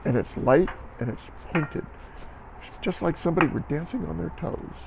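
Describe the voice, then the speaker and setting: A man's voice: fairly high pitch, moderate pace, creaky, muffled recording, background noise. A man teaching a recorded band lesson to students, encouraging them and counting beats aloud.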